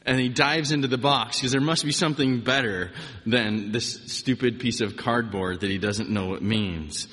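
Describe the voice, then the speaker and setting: A man giving an informal sermon, telling personal stories in a relaxed, conversational way with frequent restarts. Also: medium pitch, moderate pace, in a large hall. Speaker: preacher.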